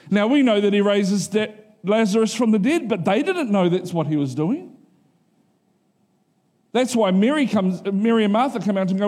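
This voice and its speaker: A middle-aged male pastor preaches a sermon in a casual, conversational style, frequently checking whether the congregation is following him. When he quotes someone, he acts it out in a higher, animated voice. His voice is slightly rough and his pace moderate.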